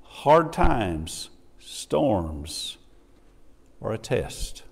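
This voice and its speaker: A middle-aged man preaching a sermon in a church, lively and acting out the voices of the people he quotes. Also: on the low side, extremely slow, gravelly, husky. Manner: animated, acts out quoted voices. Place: church sanctuary. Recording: reverberant church hall.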